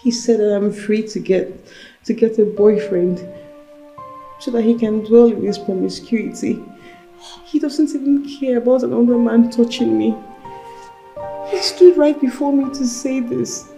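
A Nigerian actress playing a heartbroken young wife who speaks firmly and coldly. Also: female voice, fairly high pitch, vocal fry, mellow, faint music behind. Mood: bitter. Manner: firm, cold, measured. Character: heartbroken, cold young wife seeking revenge.

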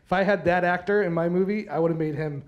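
A man in a theater audience eagerly asking a question at a screening Q&A, with a flattering, enthusiastic manner. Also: high voice, highs cut off. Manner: eager, fast-talking, flattering.

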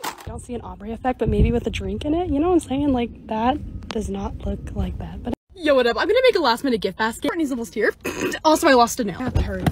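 A young woman vlogger narrating her organizing and decorating clips in a quick, chatty voice-over. Her voice sits high and leaps around animatedly, playful and self-mocking. A faint hiss runs under the close phone mic. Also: very animated. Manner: chatty, bubbly, self-deprecating. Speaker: lifestyle vlogger.

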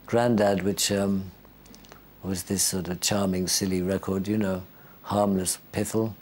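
A man's voice: sits low, flat delivery, a little slow, darkish tone, a little hiss or hum. A man giving a wry, dismissive account in an interview. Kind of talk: reminiscing interview.

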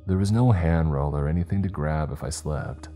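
A man narrating a horror story in a slow, measured storytelling voice. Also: a bass voice, mellow. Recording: faint background music.

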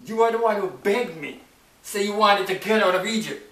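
Guy preaching, pretty high bright voice, keeps firing off questions, sounds far from the mic in a boomy room. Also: normal speed. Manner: emphatic, with sudden pitch leaps and rhetorical questions. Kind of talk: sermon. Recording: echoey room, mic at a distance.

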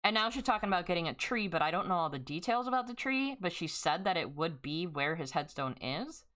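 A woman's voice: on the low side, animated, brisk, fairly bright tone. A young woman game streamer in a casual, emotional rant, grieving and angry, swearing often as she vents. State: grieving and upset.

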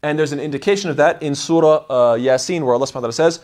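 Man, Quran teacher, animated lecture, quick delivery, raised pitch. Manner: animated, acts out voices in quotes. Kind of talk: explanatory religious lecture.

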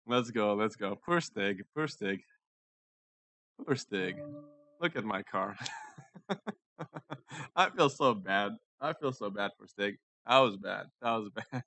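A young man giving casual, excitable commentary over a racing game, joking and giggling as he drives. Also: fairly low pitch, takes it slowly, long pauses. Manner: excitable, giggly, jokey running chatter. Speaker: gaming YouTuber.

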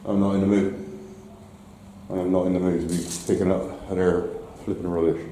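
A man with a very low, deeply mellow voice mutters along as he films outside on the coast. He grumbles in irritated asides, and faint outdoor noise sits behind him on a handheld camera. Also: level tone, normal speed. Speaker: vlogger walking his dog. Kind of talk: casual walk-and-talk commentary.

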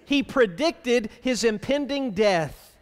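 A man's voice: extremely high pitch, animated, takes it slowly, in a large hall. A man preaching a sermon as pastor, plainspoken and wry, speaking to the congregation in a conversational way and asking them rhetorical questions. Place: church sanctuary.

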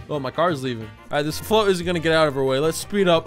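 A young man doing excitable, jokey commentary over a video game, reacting loudly and often shouting at what happens on screen. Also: a little high, fast talker, few pauses. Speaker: gaming YouTuber. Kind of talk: let's play commentary. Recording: faint game music behind.

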